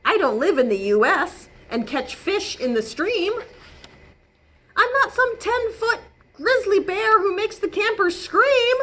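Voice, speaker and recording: A cranky little male koala, put on by a woman reading aloud, griping indignantly that nobody gets his name right. The voice is high and swoops widely, delivered at an unhurried pace. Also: lively intonation, sharp tone, heavily acted. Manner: indignant, complaining. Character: grumpy fed-up male koala.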